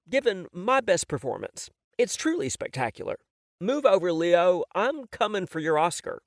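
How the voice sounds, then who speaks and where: A man's voice: high-pitched, big pitch swings, unhurried, dry recording. A man narrating a novel in the first person, wry and self-mocking, on a close studio mic. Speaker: audiobook narrator.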